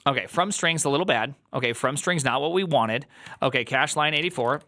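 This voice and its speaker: Bright-voiced, exasperated coding streamer. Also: male voice, mid-range voice, a little fast, no echo. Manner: exasperated, rambling, talks to chat while coding. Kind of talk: live coding stream chat.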